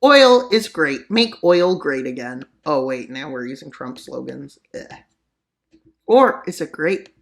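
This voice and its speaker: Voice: expressive, a little slow, vocal fry. A channel host narrating a map scenario in joking commentary, full of sarcastic asides and mock-serious mutters. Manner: voice jumps up for punchlines, drops low for mutters. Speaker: mapping video narrator. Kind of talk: joking geopolitical commentary over maps.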